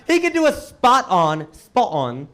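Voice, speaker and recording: An American man works a stand-up crowd in a fairly high, bright voice that swoops up and down. He grows animated and punches his lines with exclamations. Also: a little slow. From United States. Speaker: stand-up comedian. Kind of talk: stand-up comedy routine. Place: comedy stage before a live audience.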